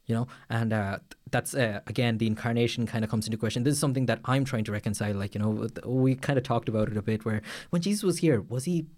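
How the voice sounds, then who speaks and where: A man's voice: medium pitch, fast, hardly any pauses, a little mellow. Guy rambling on a faith podcast, lots of uhs and restarts. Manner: rambling, many fillers and restarts. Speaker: podcast co-host. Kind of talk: casual faith discussion.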